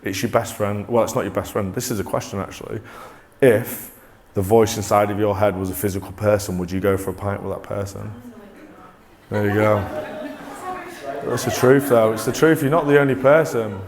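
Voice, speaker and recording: A fairly low-voiced man giving a motivational talk to a live audience. He is energetic and coaxing and often restarts his sentences. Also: moderate pace, crowd noise. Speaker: corporate presenter.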